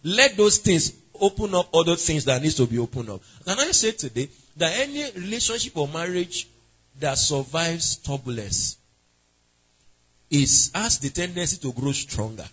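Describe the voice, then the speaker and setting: A man's voice: a little high, very animated, normal speed, a bit bright, husky, muffled recording. A man preaching an interactive sermon, asking the congregation questions and calling on members by name. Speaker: pastor.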